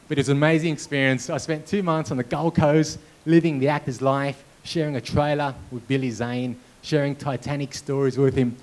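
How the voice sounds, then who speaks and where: In a low-quality recording, a man with a mid-range voice speaks a bit quickly and barely pauses. He's giving a motivational keynote in a conference hall, animatedly recounting personal stories with good comic timing.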